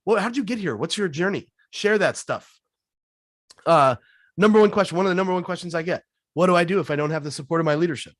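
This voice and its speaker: Brief: upbeat male sales coach, slightly high voice, dry and close, quick punchy answers. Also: no room sound. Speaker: guest sales trainer. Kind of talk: webinar Q&A answers.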